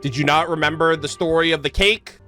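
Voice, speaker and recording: A man reacting to a story game as a streamer, loud, excitable and slangy. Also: on the high side, brisk, faint music behind.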